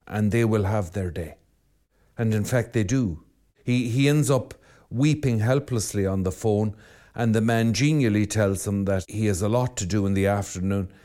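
A priest giving a reflective sermon that drifts into storytelling. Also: male voice, lowish voice, dark tone. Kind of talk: spoken sermon.

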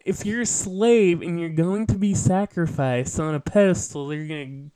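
Man, podcast host, opinionated commentary, sardonic, high voice, dry close mic. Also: normal speed, warm tone, smooth, dry recording. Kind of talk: political commentary monologue.

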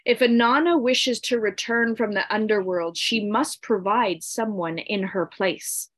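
A woman voicing the stern judges of the underworld in a slow storytelling read. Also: mid-range voice, a bit bright.

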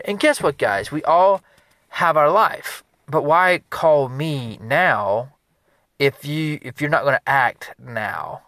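A man, a business consultant, giving an energetic motivational talk in a conversational, repetitive way. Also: a little high, takes it slowly, no echo, clean studio sound.

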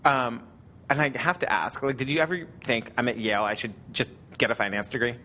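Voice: medium pitch, fairly quick, pushed and bright, slight background noise. A host with a Boston accent, asking curious, conversational interview questions. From Cape Cod, Massachusetts. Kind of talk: casual interview.

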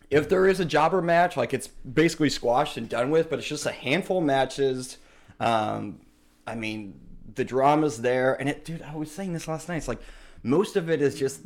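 A man hosting a podcast in casual chat, rambling and profane with many fillers. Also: medium pitch. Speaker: podcast host.

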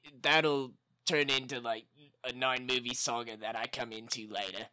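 A man's voice: mid-range voice, fairly even intonation, moderate pace, bright, forceful tone, clean tone. A man playing a brash assistant at a car dealership in an improvised comedy skit, with a put-on Australian accent and a laid-back "yeah, mate" manner. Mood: boastful.

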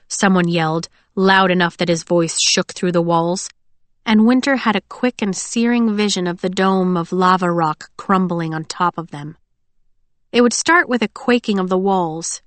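A woman reading an audiobook aloud in a measured, expressive way. Her voice is on the low side and the recording is dry and close, with no room sound. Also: no echo. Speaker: audiobook narrator. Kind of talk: scripted narration.

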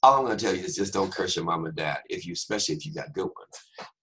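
A man's voice: low voice, fast, a bit bright, slightly rough, poor audio. A man hosting a devotional podcast who teaches scripture conversationally and drifts into humorous asides.

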